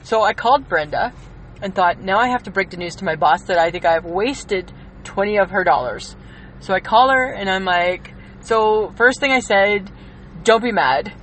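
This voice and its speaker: A woman's voice: medium pitch, normal speed, a bit bright, rough recording. A woman from Canada with a mid-range voice, talking with dry teasing and mock indignation. She co-hosts a podcast and tells stories at an easy pace. Faint traffic noise sits behind her. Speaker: podcast co-host. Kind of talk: casual chat, storytelling.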